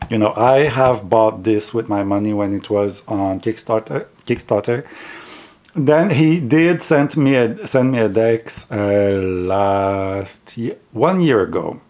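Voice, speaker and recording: A man with a French accent, a native French speaker, chatting casually on video in an unhurried, rambling way full of restarts and self-corrections. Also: mid-range voice, darkish tone. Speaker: tarot deck reviewer.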